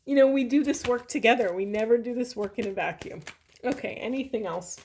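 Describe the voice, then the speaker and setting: A woman's voice: fairly high pitch, a little fast, slight background noise. Woman, thirties, tarot reader and spiritual coach; earnest, heartfelt, loose spoken delivery. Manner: earnest, gently emotional, many fillers. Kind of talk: casual spiritual reading monologue.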